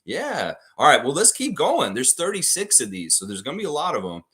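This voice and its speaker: A man's voice: a little high, wildly swooping pitch, a little fast, bright, forceful tone. A man hosting a live trivia stream, reading out questions and answering the chat as he goes.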